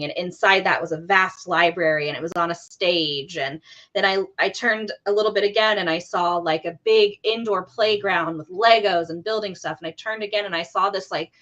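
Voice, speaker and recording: A woman's voice: fairly low pitch, steady tone, brisk, a bit bright. A woman teacher casually telling a personal story, with lots of fillers and restarts. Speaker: guest, teacher. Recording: dull lo-fi audio.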